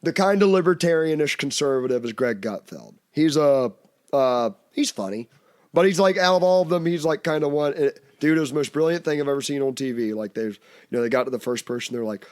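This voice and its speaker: A man's voice: a little high, lively intonation, brisk, darkish tone. A man hosting a podcast in casual comedic chat, rambling and laughing often. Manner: rambling, laughs often, slips into mocking quoted voices. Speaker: podcast host.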